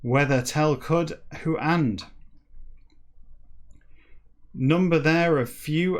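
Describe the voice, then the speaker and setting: A man reading a classic novel backwards for comedy, slow and halting word by word, breaking off for quick muttered asides. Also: mid-range voice. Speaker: comedy podcast reader.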